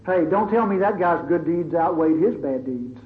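High-voiced preacher on a tinny recording. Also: male voice, lively intonation, normal speed. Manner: dramatic, conversational, storytelling. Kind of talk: sermon. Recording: tinny phone-like recording, faint hiss.

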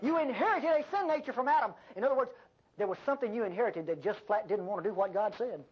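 An older woman preaching a sermon, with an animated delivery and folksy asides. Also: fairly high pitch, fast, slightly rough. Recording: dull lo-fi sermon recording.

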